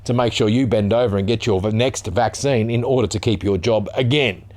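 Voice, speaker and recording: A man's voice: lowish voice, brisk, darkish tone. Ranting Australian man. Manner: heated, sarcastic, swearing, rising to exclamations. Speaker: vlogger. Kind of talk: ranting commentary reading a news article.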